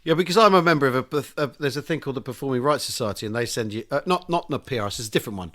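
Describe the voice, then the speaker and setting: A man co-hosting a comic history podcast, jokey and theatrical with quick asides. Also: medium pitch, animated, a bit bright. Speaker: podcast co-host.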